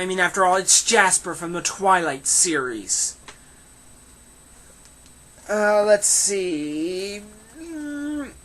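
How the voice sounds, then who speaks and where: Bright, sharp-sounding voice doing a casual movie review, opinionated, gets worked up and cracks mocking jokes. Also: mid-range voice. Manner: opinionated and animated, with mocking asides. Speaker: film reviewer. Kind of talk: casual spoken film review.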